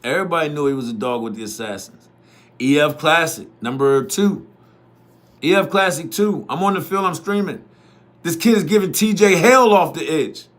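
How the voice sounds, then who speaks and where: A man's voice: a little high, normal speed, fairly bright tone. A man who hosts youth football media, giving a blunt, profane, repetitive opinion monologue straight to his viewers.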